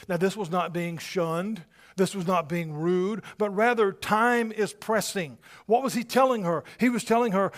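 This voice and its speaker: A middle-aged male pastor whose voice sits high preaches a sermon at normal speed. He talks conversationally, tossing in frequent tag questions and swinging between near-whispers and loud, emphatic bursts.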